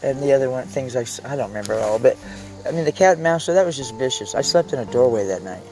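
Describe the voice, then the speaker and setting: A man's voice: medium pitch, expressive, quick pace, vocal fry, darkish tone, poor audio. Guy rambling on a vlog, raw and heartfelt, keeps trailing off, faint music behind. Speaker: vlogger. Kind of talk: casual vlog monologue. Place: inside a vehicle he lives in.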